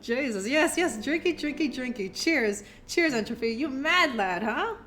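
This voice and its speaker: In a high, animated and fairly bright voice, a little on the slow side, a streamer reads a children's book to her viewers over faint background music. Slightly tipsy, she chats casually, rambles, laughs often and throws in playful swearing.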